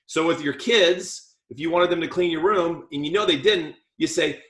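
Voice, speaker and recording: A man coaching a dental team on talking with patients, lively and joking, acting out what a patient would hear. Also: on the high side, normal speed. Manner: lively, jokey, acts out patient talk. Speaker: practice coach. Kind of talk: team training talk. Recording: echoey room.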